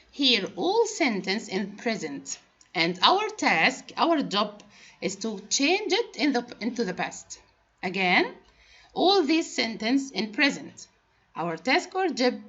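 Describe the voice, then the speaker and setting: A woman whose first language is Arabic patiently teaches English grammar in a classroom lesson, spelling out letters and rules one by one. Her voice is mid-range with a fairly bright tone, and the recording is dull and lo-fi.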